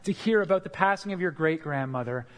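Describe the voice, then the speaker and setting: A man doing a gentle female schoolteacher. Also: deep voice, expressive, quick pace. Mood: consoling. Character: kindly female schoolteacher consoling a child. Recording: long hall reverb.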